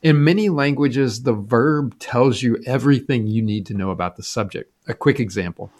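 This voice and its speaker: A man's voice: medium pitch, normal speed, a little mellow. A man co-hosting a Bible study podcast, reading a scripted explanation with emphatic turns at key points. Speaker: podcast co-host.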